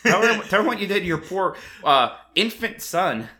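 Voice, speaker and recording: A man trades jokes in a relaxed podcast chat, ribbing his partner often. His tone is bright and tense. His pitch ranges widely from phrase to phrase. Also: normal speed. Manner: joking, teasing banter. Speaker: podcast co-host. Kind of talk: casual chat.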